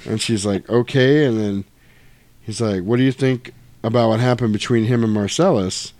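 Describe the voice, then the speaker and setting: A man's voice: on the low side, fairly even intonation, moderate pace, a little mellow, no room sound. A man in casual chat, retelling a film scene, acting out the dialogue and swearing freely.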